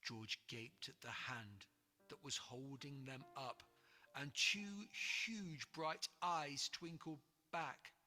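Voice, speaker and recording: A narrator giving an expressive, animated storybook read-aloud. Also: medium pitch, slow pace. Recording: reverberant room, soft music.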